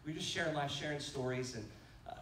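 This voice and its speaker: A man preaches to a conference crowd, telling stories and jumping into animated quoted voices. He sounds set back from the mic in a roomy church hall, with faint noise underneath. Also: a little high, fast, distant mic. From United States. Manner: storytelling, animated quotes, laughing asides. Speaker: pastor. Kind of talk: conference sermon. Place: church sanctuary.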